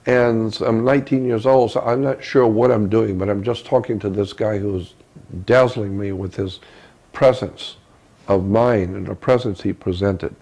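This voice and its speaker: An older man recounting a personal memory in a halting way, often repeating words as he searches for them. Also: fairly low pitch, steady tone, vocal fry, darkish tone. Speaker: researcher telling a personal story. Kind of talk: first-person storytelling.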